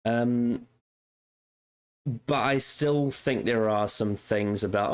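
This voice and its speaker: A man's voice: mid-range voice, slow, clear, resonant tone. A man co-hosting a casual podcast chat. He is hesitant and restarts often when giving his opinions. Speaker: podcast co-host.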